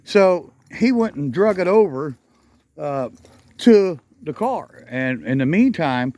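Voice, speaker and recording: A man's voice: on the high side, animated, slow pace, a little mellow, dry recording. A middle-aged man chatting casually in a garage vlog outdoors, rambling and correcting himself with frequent chuckles. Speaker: garage channel vlogger.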